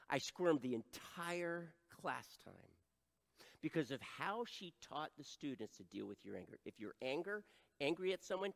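A middle-aged male pastor preaching an animated sermon, acting out voices and adding self-deprecating asides. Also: mid-range voice, gravelly, in a large hall.

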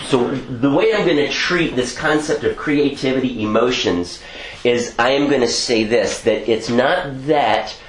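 A man's voice: medium pitch, echoey room. A man teaching a Bible class, talking through ideas and checking in with "okay?" often.

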